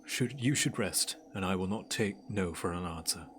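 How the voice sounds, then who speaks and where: A man reading a calm solemn elder leader. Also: low voice, slight background noise, pitched below the performer's own voice. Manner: measured, soft, consoling.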